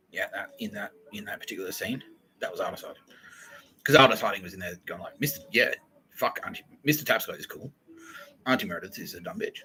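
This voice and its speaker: Man, podcast host, low voice, bright forceful tone, rambling profane storytelling. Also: a little hiss or hum, low-quality recording. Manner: profane, laughing, excitable storytelling. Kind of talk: rambling comic monologue.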